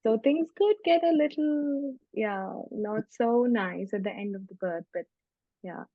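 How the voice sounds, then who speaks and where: A woman's voice: fairly high pitch, a little slow, dry recording. Woman recounting a birth, dry and muffled. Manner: conversational, recounting. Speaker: parent sharing a birth story. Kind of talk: panel discussion storytelling.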